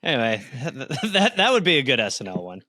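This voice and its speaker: A man co-hosting a comedy podcast in loose banter, firing off sarcastic, profane quips. His voice is bright and lively, and it swings widely in pitch. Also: fairly quick. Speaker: podcast co-host.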